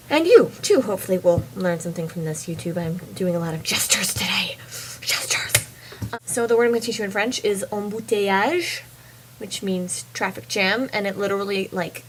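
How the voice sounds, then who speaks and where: A woman's voice: medium pitch, slight background noise. A young woman talking casually to a friend in a vlog, bubbly and chatty. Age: young adult. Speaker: vlogger.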